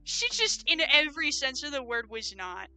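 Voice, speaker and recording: A woman's voice: high-pitched, animated, normal speed, sharp tone, no room sound, faint music behind. A young American woman with an American accent, giving an opinionated, rambling livestream rant full of fillers. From United States. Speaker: streamer.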